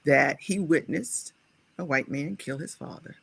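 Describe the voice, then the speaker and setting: A woman guest speaker, a scholar and writer, telling her personal story in a reflective, animated way. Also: deep voice, unhurried, creaky, slightly rough, dry recording. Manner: animated, acts out her own past dialogue.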